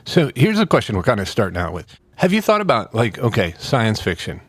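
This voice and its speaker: Hosting a casual book podcast, a man jokes and rambles, filling his talk with lots of fillers. His medium-pitched voice swoops wildly, runs a little fast and sounds husky, with no room sound in the recording.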